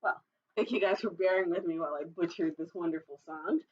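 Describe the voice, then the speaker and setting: Brisk in delivery, a female children's librarian reads a picture book aloud to young listeners, and the recording's highs are cut off. Squeaky animal calls and playful, chatty asides pepper her storytime reading.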